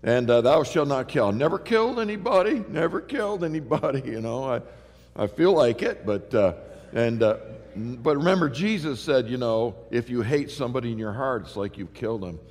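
Man, middle-aged pastor, lively storytelling sermon, fillers and restarts, long reverb of a big church hall. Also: mid-range voice, moderate pace.

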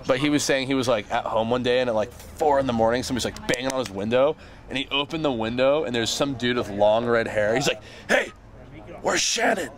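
A man's voice: mid-range voice, fast. A young man, a band member on tour, tells a rambling, profane story, laughing as he goes. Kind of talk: casual storytelling.

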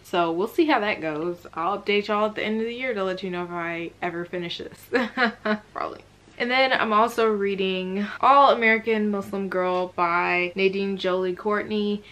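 Woman book vlogger, casual slangy chat, lively delivery, middle pitch. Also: normal speed. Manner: chatty, slangy and animated, with frequent laughs. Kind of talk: casual chatty book review.

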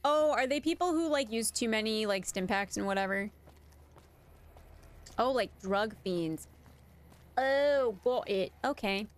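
Lively, playful woman gaming streamer. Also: fairly high pitch, measured pace, pauses often. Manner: playful and sarcastic, laughs often. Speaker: streamer playing a video game. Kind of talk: casual gameplay commentary.

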